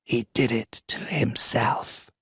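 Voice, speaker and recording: A man narrating an audiobook, voicing an aloof sea goddess mother with a flat, hushed delivery. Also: mid-range voice, measured pace, creaky, breathy edge, no echo, voice pushed up, full character voice. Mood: cold. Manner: flat, hushed, partly whispered.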